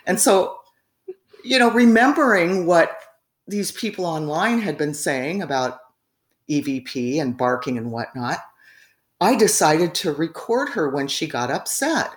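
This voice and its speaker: Guest woman with a deep voice, rambling and chatty, recorded in an echoey room. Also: expressive, measured pace. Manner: rambling, frequent fillers and laughs. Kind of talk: casual storytelling in conversation.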